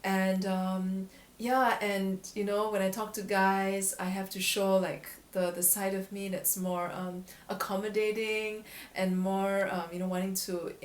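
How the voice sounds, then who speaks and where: A woman's voice: medium pitch, level tone, a little slow. A woman voice coach talking candidly to camera in a vlog, reflective and often laughing at herself. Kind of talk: casual vlog talk to camera. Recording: echoey room.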